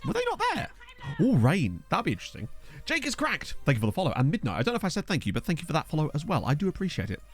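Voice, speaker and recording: A young man casually commenting while streaming a football management game, thinking aloud and thanking viewers. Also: mid-range voice. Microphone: desk USB microphone.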